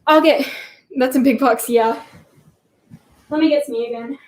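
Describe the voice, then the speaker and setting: A woman's voice: high voice, a little slow, a little hiss or hum. A teenage girl rambling in a giggly, chatty way while answering viewer questions on a casual livestream. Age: teens. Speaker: livestream host. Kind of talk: casual live Q&A chat.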